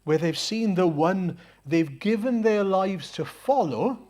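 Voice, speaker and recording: A man preaches in a church, his voice sitting a little higher than most men's. He speaks earnestly, poses rhetorical questions, and often stumbles over fillers and repeated words as he works through his points. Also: expressive, slow pace, a little mellow. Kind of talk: sermon.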